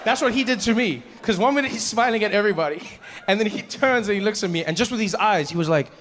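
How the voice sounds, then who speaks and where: A male stand-up comic telling a long story live on stage, animated and quick to slip into voices. His speaking voice sits fairly high for a man. Faint background noise runs under the set. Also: long reverb tail, some chatter behind. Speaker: stand-up comedian.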